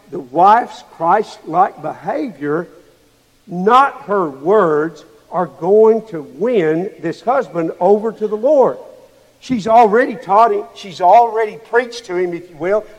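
A man's voice: high voice, expressive, a little slow, muffled recording. A man preaching a sermon to a congregation, asking them rhetorical questions as he goes. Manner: asks the listeners rhetorical questions. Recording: long hall reverb.

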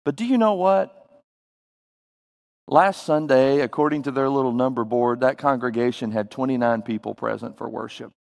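A man from Tennessee with a Southern accent, preaching a sermon with folksy, animated storytelling. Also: mid-range voice, normal speed, vocal fry, big-room sound.

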